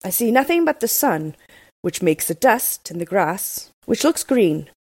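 A woman's voice: medium pitch, very animated, measured pace, husky, dry recording, clean studio sound, full character voice. A woman voicing a young brother who calls down reports from a tower in a raised voice. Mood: calling out. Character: young brother keeping watch atop a tower.

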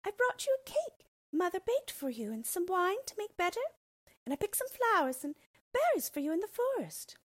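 A woman's voice: sing-song, moderate pace, fairly bright tone, exaggerated voice. Little Red Riding Hood, as a woman puts her on. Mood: sweet. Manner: high, eager exclamations. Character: little girl, sweet, curious, wide-eyed.

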